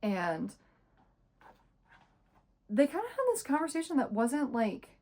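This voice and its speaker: A woman's voice: high voice, huge pitch swings, takes it slowly, darkish tone. A young woman in her twenties, chatting casually and sarcastically while reviewing a book. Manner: chatty, sarcastic, many fillers. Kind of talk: casual chat.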